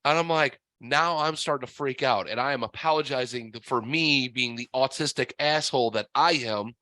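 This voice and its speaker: A man hosting a podcast, telling a story in an animated way with swearing and acted-out quotes. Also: medium pitch, normal speed, dry recording. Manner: animated, profane, acts out quotes. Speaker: podcast host. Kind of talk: casual storytelling.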